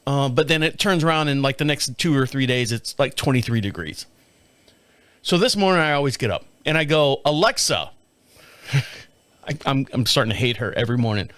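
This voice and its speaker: A middle-aged man hosts a casual solo podcast, telling rambling, profane, self-mocking stories and laughing at himself. His voice is fairly high and fairly bright, with a clean tone and a dry recording.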